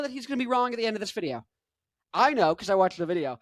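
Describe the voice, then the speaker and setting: A man in his twenties giving rambling, jokey reaction commentary, jumping into loud bursts. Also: sits high, sing-song, rapid-fire, dry recording. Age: 20s. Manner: rambling, jokey, goes off on tangents. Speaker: rock musician reacting to a video.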